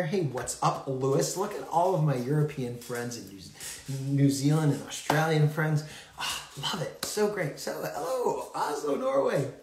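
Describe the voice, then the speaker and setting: A man's voice: a little high, roomy sound. A man hosting a casual early-morning live stream, rambling and laughing often from a far-off room in a hotel. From United States. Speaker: podcast host.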